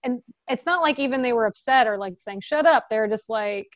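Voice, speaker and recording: A woman's voice: fairly high pitch, fairly quick, dry recording. Chatty woman guest on a dry, dull line. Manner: chatty, laughs often, many fillers. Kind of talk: casual interview chat.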